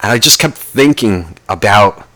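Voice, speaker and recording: A man's voice: lowish voice, expressive, a little slow, pushed and bright. Rambling, swearing man ranting. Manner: rambling, heavy swearing, asks himself questions. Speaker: podcast host. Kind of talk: casual comedic rant.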